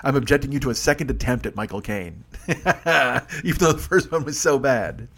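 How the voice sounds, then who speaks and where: A man's voice: medium pitch, moderate pace, fairly bright tone, slightly rough. A man hosting a comedy podcast, delivering a rambling, profane, self-mocking monologue full of digressions. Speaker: podcast host.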